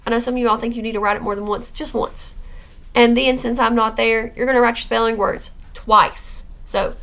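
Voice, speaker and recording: A woman's voice: a little high, level tone, a little fast, a bit bright. A woman teacher recording a vocabulary lesson for her students, explaining words plainly and checking in with "okay?". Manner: firm about classroom rules.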